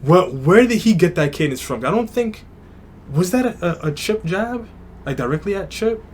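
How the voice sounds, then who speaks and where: A man's voice: sits high, lively intonation, normal speed, a little mellow. New guy reacting to music, rambly, lots of "like" and "i don't know", faint hiss behind. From New York. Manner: thinks aloud, hedging, many fillers. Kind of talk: casual reaction commentary.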